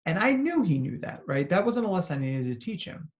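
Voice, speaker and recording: A psychologist presenting a recorded talk to educators, telling stories in an earnest, conversational way and often adding "right?". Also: male voice, high voice, sing-song, brisk. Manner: earnest and encouraging. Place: remote talk, not in person.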